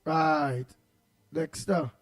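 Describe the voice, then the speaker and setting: A Trinidadian man hosting a morning radio show, rambling playfully with bursts of loud greetings. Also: fairly high pitch, fairly even intonation, very slow, no echo, clean studio sound. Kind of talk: casual call-in radio chat.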